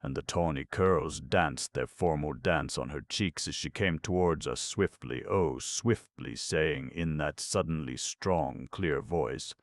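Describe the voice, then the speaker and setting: A male audiobook narrator with a very deep, gravelly voice, reading in a measured, lyrical way. The recording is dry and close. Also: dry recording. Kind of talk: scripted narration.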